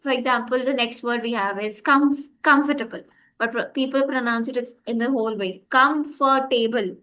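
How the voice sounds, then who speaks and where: A woman's voice: a little high, a little fast, a bit bright. A woman co-hosting a casual conversation about English pronunciation, chatty and agreeable, with many fillers like "like" and "yeah".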